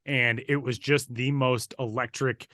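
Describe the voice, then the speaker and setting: A man tells a story on a podcast in a casual, lively way. His voice is bright and forceful. The sound is dry and close, with no room around it. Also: mid-range voice, measured pace, no room sound. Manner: animated, building excitement while recounting. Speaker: podcast co-host and broadcaster.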